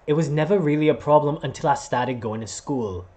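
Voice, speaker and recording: A man's voice: a little high, fairly quick. A man and voice actor telling a personal story to camera in a casual vlog, acting out voices as he goes. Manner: animated, acts out voices while telling a story. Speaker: vlogger and voice actor.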